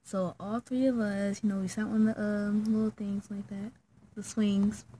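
A young woman vlogger casually telling a story from childhood, acting out the people in it with sudden high squeaky voices. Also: moderate pace, slight background noise. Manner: animated, acts out her own and friends' lines in squeaky high voices.

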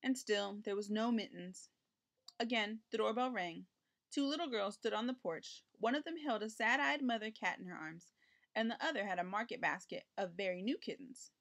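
A woman reading a children's picture book aloud, narrating gently and lifting her voice for the characters' lines. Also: mid-range voice, moderate pace. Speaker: storybook reader.

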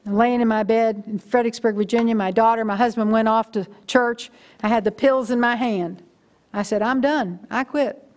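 A woman's voice: fairly high pitch, fairly even intonation, a little fast, a little mellow. Brief: older female guest preacher, chatty storytelling sermon delivery.

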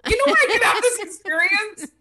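A woman's voice: very high voice, lively intonation, a little fast, sharp tone. A woman comedian telling an exasperated comic anecdote over a video call.

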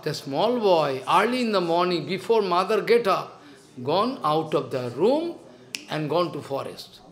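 A man's voice: high voice, a bit bright. A man preaching a sermon in non-native, broken English, telling a story and acting out the characters' lines in quoted speech.

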